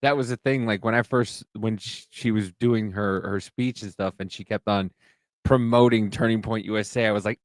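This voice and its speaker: A man talking in a casual podcast chat, rambling and animated, swearing freely. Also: on the low side, normal speed, dry recording. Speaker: podcast host.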